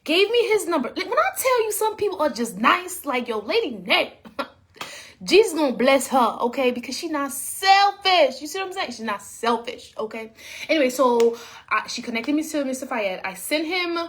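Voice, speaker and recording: Animated high-voiced woman telling a story. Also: normal speed. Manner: animated, acts out quotes, talks to viewers as y'all. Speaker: author and vlogger. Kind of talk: casual storytelling vlog.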